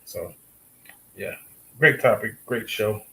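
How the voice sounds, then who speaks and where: A man's voice: fairly low pitch, slow, sharp tone, low-quality recording. A man with a Cajun accent talking on a podcast in a laid-back, easygoing way, often restarting his sentences. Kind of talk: casual chat.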